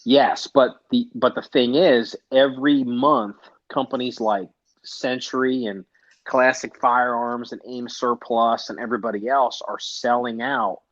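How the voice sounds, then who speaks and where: A man's voice: mid-range voice, a bit bright. A man hosting a podcast in casual chat, rambling, profane and often cutting himself off. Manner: rambling, profane, self-interrupting. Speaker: podcast host. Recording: dull lo-fi sound.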